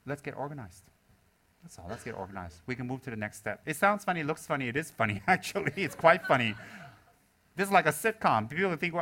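A man, a Buddhist teacher, giving a humorous talk to his students, laughing often and mimicking people in squeaky voices. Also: sharp tone.

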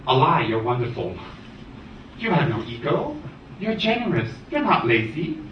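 Bright-voiced male teacher in echoey room. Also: a little high, slight background noise. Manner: animated, teasing, rapid-fire lists. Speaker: Buddhist teacher. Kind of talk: dharma talk. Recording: echoey room, distant dull mic.

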